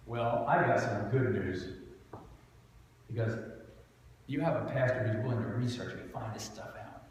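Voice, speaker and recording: A man's voice: mid-range voice, measured pace, long pauses. A male pastor with a southern New Jersey accent, preaching a sermon with sarcastic, mock-outraged humor. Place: church sanctuary. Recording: echoey church hall with faint noise.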